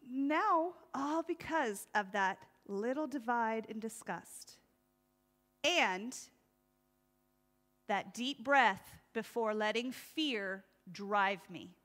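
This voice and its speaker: A woman preaching a sermon in a lively, conversational way, laughing often and acting out voices. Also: fairly high pitch.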